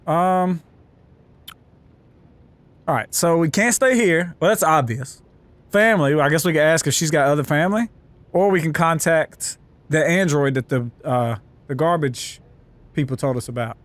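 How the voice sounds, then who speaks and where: A man giving loud, joking, profane commentary while playing a video game. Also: on the high side, normal speed, long pauses, no echo. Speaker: gameplay commentator. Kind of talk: let's play commentary.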